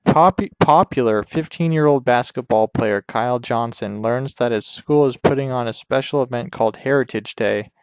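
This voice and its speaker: A man hosting a podcast, rambling crudely and deadpan through an improvised comedy monologue over a game. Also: medium pitch, normal speed, hardly any pauses, smooth, no echo, clean studio sound. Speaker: podcast host.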